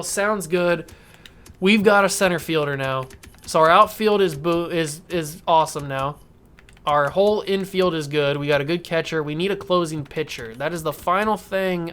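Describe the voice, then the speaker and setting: A man's voice: a little high, fairly bright tone, smooth. Guy doing laid-back gameplay commentary, mutters and pleads with the game. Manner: talks to himself and the game, coaxing and joking. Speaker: gaming YouTuber. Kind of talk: casual let's-play commentary.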